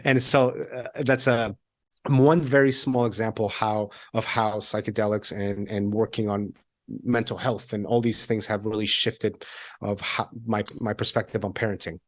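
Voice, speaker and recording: A man's voice: on the low side, little pitch movement, normal speed. A man in his thirties, a podcast guest, talking candidly, laughing often and acting out quoted lines in a raised voice. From Iranian heritage. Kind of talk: conversational interview.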